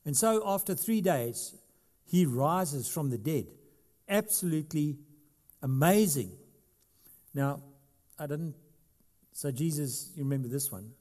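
A middle-aged man preaching a sermon as a pastor. He swings between loud, emphatic stretches and quiet asides, asking the congregation questions and adding light humor. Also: on the high side, lively intonation, a little slow, long pauses.

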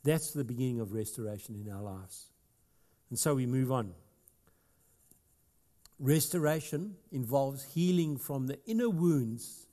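A man's voice: medium pitch, expressive, a little slow, pauses often, mellow. Man, South African accent, pastor's sermon, chatty then emphatic, long hall reverb. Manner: conversational preaching, rising to emphatic passages.

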